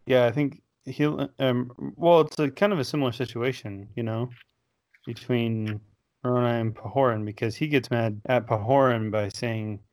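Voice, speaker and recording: A man in casual discussion of scripture, talking in a relaxed, conversational way and sometimes reading quotes aloud. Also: medium pitch, moderate pace.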